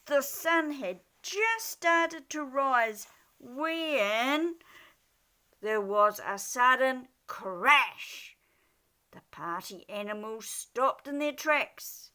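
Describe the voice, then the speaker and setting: A woman reads a children's picture book aloud, taking her time and making the words expressive and animated. Her voice is bright and clear, and it swings up and down in pitch. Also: drawn-out words. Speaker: storyteller.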